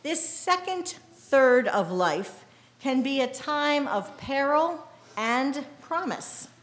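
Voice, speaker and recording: A middle-aged woman with an American accent delivers a sermon as a pastor, unhurried and deliberate. Her voice sits a little high for a woman, and the recording carries the roomy echo of a church. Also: expressive. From United States. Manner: measured, deliberate preaching delivery.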